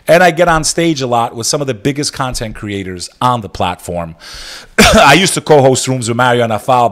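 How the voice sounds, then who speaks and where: A man hosting a live stream monologue, switching between fiery, profane exhortation and somber, quiet reflection on loss. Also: mid-range voice. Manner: subdued and somber when speaking of loss.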